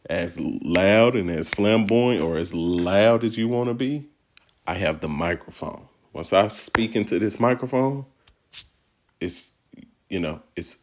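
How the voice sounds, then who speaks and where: A man's voice: low voice, slight background noise. A male stand-up comedian from Texas giving casual, playful, slangy commentary on his own set and laughing often. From Texas, USA.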